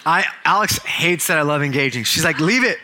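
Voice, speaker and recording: A man preaching a sermon in church, telling a story with jokes and quick asides. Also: a little high, bright, forceful tone. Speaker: pastor.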